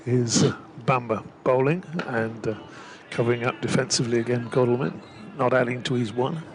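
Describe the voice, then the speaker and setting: Chatty cricket commentator. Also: male voice, medium pitch, fairly even intonation, normal speed, slight background noise. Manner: chatty, rambling with frequent fillers. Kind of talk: live ball-by-ball commentary. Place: commentary gazebo at a cricket ground.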